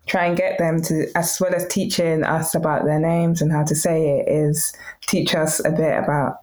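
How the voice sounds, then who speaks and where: A woman's voice: low voice, level tone, normal speed, darkish tone. A woman with a British accent hosting a podcast, asking curious, tentative questions. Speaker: podcast host. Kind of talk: conversational interview.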